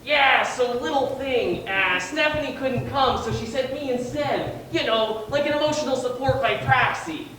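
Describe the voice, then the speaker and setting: A woman's voice: sits high, moderate pace, few pauses, a bit bright, slight background noise. A woman playing an overconfident young stand-in friend in a live sketch, cocky and laid-back. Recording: echoey stage from far off, audience.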